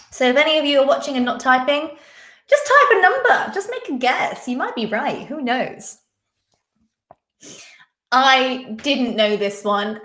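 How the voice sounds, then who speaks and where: A chatty young woman hosts a live online quiz and keeps up a loose, giggly patter while she reads viewers' comments aloud. Her voice sits a little high, and the sound rings in an echoey room. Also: a bit bright. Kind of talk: casual live-stream chat.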